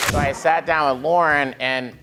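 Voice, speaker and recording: A man telling animated anecdotes as a talk show guest, laughing and slipping into voices. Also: a little high, very noisy.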